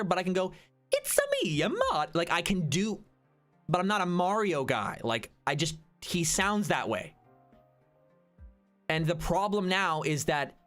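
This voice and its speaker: Guy on a chill stream talking at chat, kinda high voice, rambles and restarts a lot, faint music under it. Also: fairly bright tone. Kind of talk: casual livestream chat.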